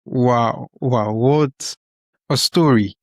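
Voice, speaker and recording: A man's voice: mid-range voice, extremely slow, dry recording, clean studio sound. A man hosting a podcast interview who reacts with amazement and asks thoughtful questions. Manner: amazed, encouraging listener. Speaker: podcast host.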